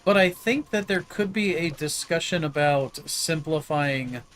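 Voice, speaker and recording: A man's voice: fairly high pitch, measured pace, a bit bright, slight background noise. An American man hosting a game stream, chatting casually, laughing often and exclaiming when startled. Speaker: streamer host. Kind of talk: casual gameplay commentary.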